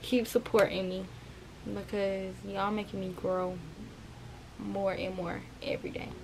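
A woman's voice: mid-range voice, little pitch movement, a little slow, vocal fry, slight background noise. A young woman chatting casually to her viewers in a vlog from her bedroom, often calling them y'all. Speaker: vlogger.

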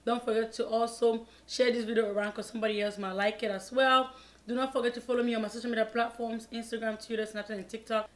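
A woman's voice: a little high, flat delivery, fast. A woman from Cameroon hosting a casual mukbang storytime vlog, chatty and repeating her pleas, mumbling between bites. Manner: chatty, repeats pleading words, mumbles while eating. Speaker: vlogger.

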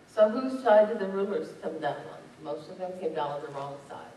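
A woman's voice: mid-range voice, brisk, few pauses, mellow, slight background noise. A woman pastor preaching a sermon, reading scripture aloud and driving points home with rising emphasis. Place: church sanctuary. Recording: echoey church from a distance.

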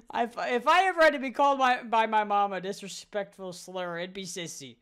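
A woman's voice: mid-range voice, normal speed. A woman hosting a casual reaction video, giggly and slangy as she talks over clips. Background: video clip audio and music.

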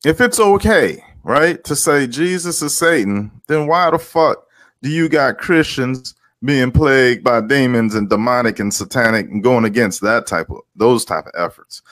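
A man's voice: mid-range voice, lively intonation, moderate pace, a bit bright, no room sound, studio quality. Profane, heated man ranting on camera. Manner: heated, emphatic, swears a lot, repeats himself; greets viewers by name. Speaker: vlogger.

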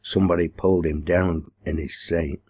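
A man reading a novel aloud in a measured, even narration. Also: deep voice. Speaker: audiobook reader. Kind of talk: scripted narration.

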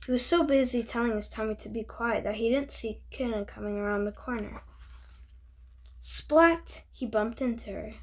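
Woman host, kids' book read-aloud, bubbly and chatty, slightly higher voice. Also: fairly even intonation, a little fast, few pauses, darkish tone, a little hiss or hum. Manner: bubbly, chatty, reacts to the pictures. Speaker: host reading picture books aloud.

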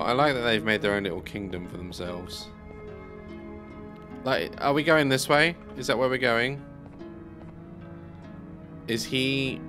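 A man's voice: medium pitch, a bit bright. A man giving let's play commentary on a video game, chatty and bemused, thinking aloud as he plays. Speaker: gaming YouTuber.

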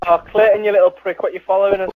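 A man gamer shouting insults and swearing over voice chat. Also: sits high, flat delivery, very fast, no room sound, narrow, tinny audio. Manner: aggressive, swearing. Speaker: online gamer.

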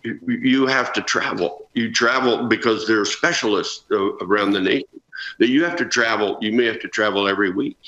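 A man's voice: fairly low pitch, brisk. A man in his sixties, a former ballplayer guest telling stories earnestly in a remote news interview. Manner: earnest, animated storytelling. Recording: roomy, dull remote feed.

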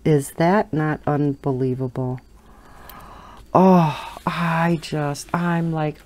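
Her deep, darkish voice moves very slowly with a steady tone. The middle-aged woman runs a coloring channel, where she chats and tells stories as she colors, laughing a lot.

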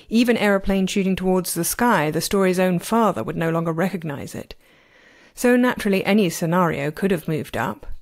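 Woman reading a fan audiobook. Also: lowish voice. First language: not Chinese. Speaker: amateur reader. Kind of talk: audiobook narration.

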